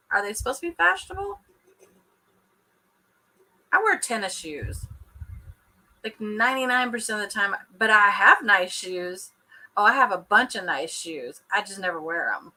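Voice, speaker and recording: A woman's voice: medium pitch, sharp tone, rough recording. A woman co-hosting a casual livestream chat, laughing often and talking to viewers by name.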